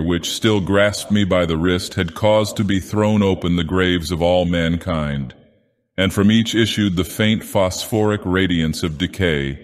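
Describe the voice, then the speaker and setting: A man voicing a grandiose, menacing ancient god-villain as he narrates a horror tale solemnly. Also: low voice. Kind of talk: dramatic horror reading. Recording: long reverb.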